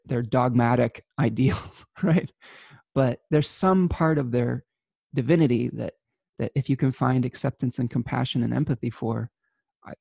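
A man with a mellow, gravelly voice talks in an earnest, halting way, full of fillers and restarts. His words sound dry and close, as if he is alone with the mic in a small room. He speaks as an astrology host. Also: mid-range voice, dry recording. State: choked up with emotion. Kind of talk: casual spoken monologue.

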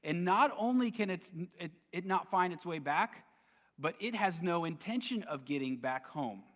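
A man's voice: sits high, lively intonation, moderate pace, a bit bright, in a large hall. A man preaching a sermon as pastor, conversational and casual, with plenty of slang. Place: church sanctuary.

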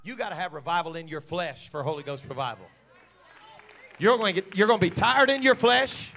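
A middle-aged man, preaching a sermon in church, moving between quiet storytelling and shouted, fervent preaching. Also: sits high, expressive, brisk, some chatter behind.

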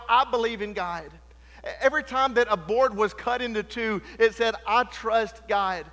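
A middle-aged man delivers an impassioned sermon. His voice sits high for a man, and it rings with the long reverb of a church hall. He swings between loud, emphatic declarations and hushed, low asides. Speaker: preacher. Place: church sanctuary.

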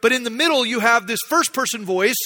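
Middle-aged pastor guy, high bright voice, chatty sermon, big echoey church hall. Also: expressive, fairly quick. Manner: conversational, self-deprecating. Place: church sanctuary.

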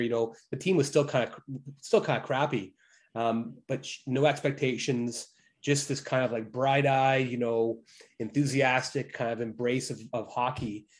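Casting note: man in his forties, relaxed podcast co-host, storytelling style with frequent fillers. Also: mid-range voice. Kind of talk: casual podcast chat.

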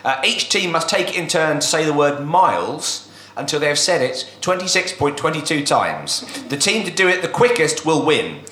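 A man with a bright, forceful voice runs a comedy game show, explaining rules at a brisk clip. His pitch swings a lot as he goes, and the sound carries a roomy echo. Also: very animated, a little hiss or hum. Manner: brisk rule-explaining, breaks into laughter. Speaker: game host. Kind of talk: comic podcast hosting.

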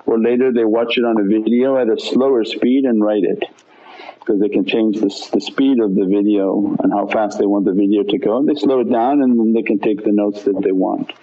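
A man teaching on spiritual matters and answering questions, calm and unhurried, with Arabic devotional phrases throughout. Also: fairly low pitch, highs cut off. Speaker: Sufi teacher. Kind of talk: religious talk answering questions.

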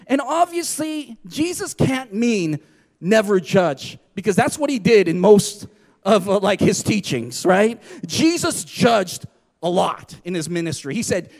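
High-pitched guy preaching, punchy and emphatic, lots of "right?". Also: darkish tone. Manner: emphatic, repeats "right?" to the audience. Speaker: pastor. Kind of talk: sermon.

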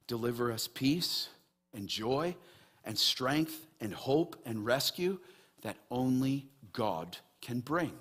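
A man preaching a sermon as pastor, animated, swinging between raised emphasis and quiet, earnest stretches. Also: mid-range voice.

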